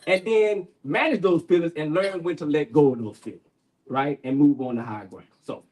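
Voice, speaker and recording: An older man speaks at a community panel in a folksy, preacher-like way. His voice sits fairly high for a man, and he keeps tossing in "right?" to hold the room. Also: fairly quick, darkish tone, poor audio. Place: bookshop event room.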